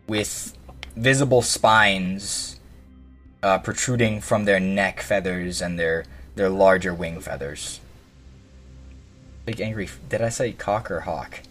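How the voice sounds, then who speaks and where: A man running a tabletop game as game master, describing the scene in a relaxed, rambling way with many fillers. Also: fairly low pitch, slow pace, pauses often, soft background music.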